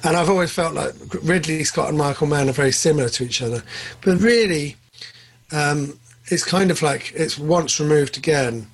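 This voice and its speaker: A man co-hosting a podcast, chatting casually about films, excitable and jumping up in pitch when enthused. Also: normal speed. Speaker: podcast co-host. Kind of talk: casual film chat.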